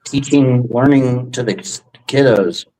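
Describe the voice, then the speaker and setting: Young male host, average pitch, rambling and crude, casual stream talk. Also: measured pace, dark tone, poor audio. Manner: rambling, profane, hesitant restarts. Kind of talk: casual livestream chat.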